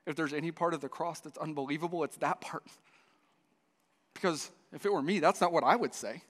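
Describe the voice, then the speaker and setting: A male pastor with a fairly bright, slightly high voice and fairly even intonation talks a little fast but leaves long pauses. He preaches a sermon built around a story, restarting frequently and voicing its dialogue, with long hall reverb on the recording.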